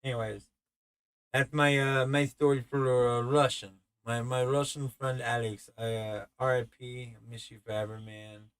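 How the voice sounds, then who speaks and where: A solo podcast host in his thirties spins casual, profane stories, stumbling and restarting as he goes. His mid-range voice is clear and resonant, delivered flatly at normal speed with hardly any pauses, and there's no echo.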